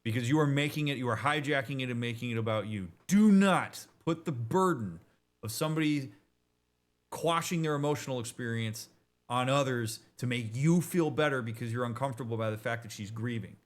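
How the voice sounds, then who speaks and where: A man who works as a therapist, talking over a game in a casual, explanatory way, direct and emphatic, with quick asides and restarts. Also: medium pitch.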